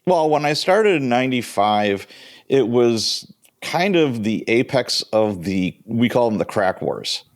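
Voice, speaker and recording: A man in his fifties, a retired police sergeant, telling stories as a guest in a casual interview, animated and quick to chuckle. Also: mid-range voice, no room sound, clean studio sound. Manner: lively anecdotal storyteller who chuckles often.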